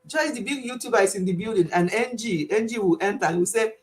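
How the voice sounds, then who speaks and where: This medium-pitched woman talks quickly as she wraps up her casual live stream. Playful throughout, she keeps laughing while mimicking her viewers.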